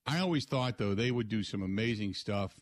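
A man's voice: lowish voice, brisk, dry recording, clean studio sound. A man hosting a sports radio show, rambling and joking through casual rants. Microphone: studio mic.

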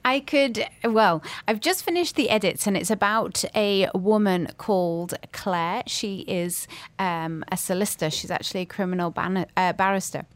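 A woman's voice: mid-range voice, normal speed, hardly any pauses, no room sound. Chatty woman author with dry sound. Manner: chatty, many ums, thoughtful. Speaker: author guest. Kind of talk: radio book chat. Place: Dubai.

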